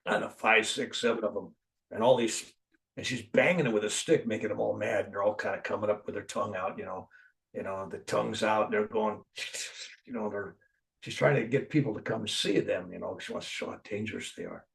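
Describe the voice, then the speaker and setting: An older man telling a personal story in a conversation, animated, jumping loud for emphasis and dropping soft when he reflects. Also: lowish voice, a little fast, vocal fry, far from the mic. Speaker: interview guest.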